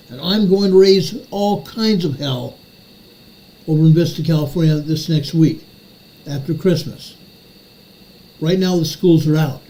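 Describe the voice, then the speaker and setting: An older man hosting a commentary show rants furiously, repeating phrases for emphasis. His voice is fairly high with a darkish tone, and the recording is rough.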